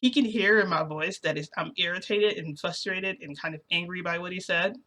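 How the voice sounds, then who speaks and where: A woman's voice: on the low side, fairly quick, sharp tone. A young woman vlogger telling a story in a rambling way, full of fillers and restarts. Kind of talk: storytime narration.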